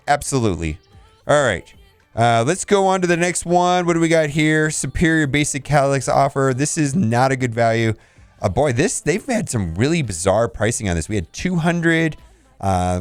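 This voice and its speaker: A man's voice: mid-range voice, no room sound. A man hosting a casual game video, reviewing store offers with blunt verdicts and laughs. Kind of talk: casual commentary.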